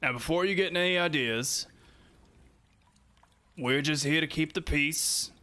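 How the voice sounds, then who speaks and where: A man's voice: a little high, measured pace, sharp tone, pitched above the performer's own voice. A man voicing a cruel, mocking soldier leader who sneers at the heroes. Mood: sneering.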